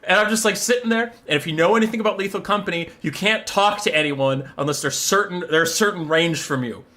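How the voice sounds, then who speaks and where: Young male streamer, casual and foul-mouthed, with a bright, sharp tone. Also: high-pitched, fast talker. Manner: animated, profane storytelling. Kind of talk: casual live-stream chat.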